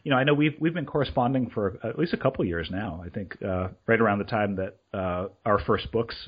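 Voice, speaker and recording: A man's voice: on the low side, brisk, slightly rough, lo-fi sound. A middle-aged man hosting a podcast, reading a scripted intro and then chatting casually with many restarts. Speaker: podcast host.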